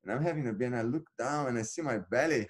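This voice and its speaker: A man in his thirties, a guest on an interview, telling his story casually and acting out past conversations with lively energy. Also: medium pitch, fast. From Brazil. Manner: animated, acts out his own past dialogue. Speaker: interview guest, jiu-jitsu black belt.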